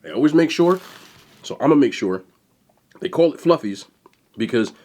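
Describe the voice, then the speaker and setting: Excited young man with a husky voice. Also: a little high. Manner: fast, excited talk to camera while eating. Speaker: food vlogger. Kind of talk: casual mukbang vlog.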